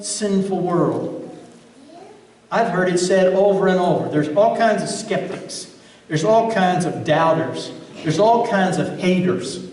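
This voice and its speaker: An earnest male pastor preaches a sermon in a church sanctuary, recorded from a distance in the echoey hall. His voice is on the high side with a darkish tone, and his delivery is emphatic and full of rhetorical questions.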